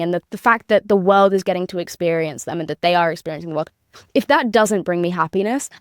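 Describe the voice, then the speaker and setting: A woman in her twenties speaks on her podcast in a loose, confessional ramble. She keeps circling back to emphatic asides with casual swearing. Her voice sits at an ordinary pitch in a dry, close recording. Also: no echo. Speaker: podcast host.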